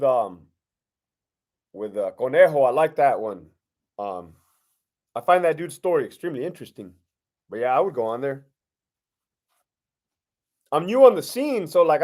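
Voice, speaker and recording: A middle-aged former prison lieutenant, his voice on the high side and mellow, hosts a casual live-stream Q&A where he reads viewer questions. He talks bluntly, with heavy profanity and streetwise slang.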